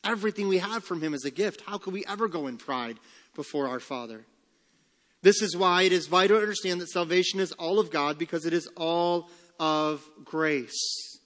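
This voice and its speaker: Male pastor, emphatic sermon delivery, slightly high voice, live church reverb. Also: fairly bright tone. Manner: emphatic preaching, slowing and rising on key phrases. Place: church sanctuary. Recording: long church hall reverb.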